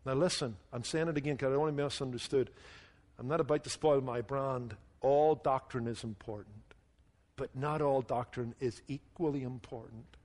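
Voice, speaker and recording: A man preaching a sermon, telling jokes and stories in an animated way and acting out the people in them. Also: medium pitch, normal speed. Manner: animated storytelling with voiced quotes. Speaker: pastor. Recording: hall reverb.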